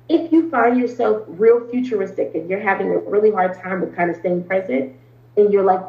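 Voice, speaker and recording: An earnest woman therapist talks through her ideas in a relaxed interview, often pausing on "um" and restarting her sentences. Her voice sits at an ordinary pitch. The recording sounds roomy and a little dull. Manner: earnest, explains at length with frequent ums and restarts. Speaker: therapist, podcast guest. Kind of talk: conversational interview talk.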